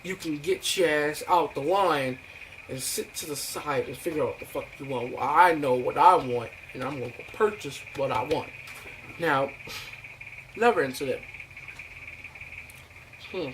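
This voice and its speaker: A man's voice: on the high side, normal speed, long pauses, fairly bright tone. A young man telling a rambling, profane story in a ranting vlog, full of fillers and acted-out quotes. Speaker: vlogger. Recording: noisy home recording.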